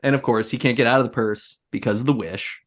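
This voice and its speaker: A man co-hosting a casual podcast, retelling an old story with jokes and quick character voices. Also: mid-range voice. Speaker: podcast co-host.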